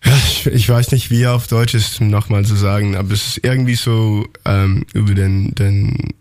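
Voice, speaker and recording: Male band guest, halting, lowish voice, dry studio sound. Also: steady tone, a little mellow, no echo. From Australia. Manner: hesitant, many restarts, searches for words. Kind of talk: radio interview in halting second-language German and English. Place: radio studio.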